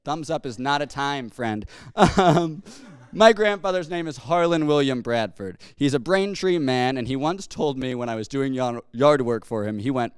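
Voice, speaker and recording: A young man doing stand-up into a handheld mic, his rambling stories full of detours. His voice is smooth and clear, and it bounces lively up and down. The sound is dry and close, with hardly any room in it. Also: medium pitch, normal speed, no echo. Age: young adult. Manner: rambling, self-interrupting storytelling. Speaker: stand-up comedian. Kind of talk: stand-up comedy set. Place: comedy stage. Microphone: handheld stage mic.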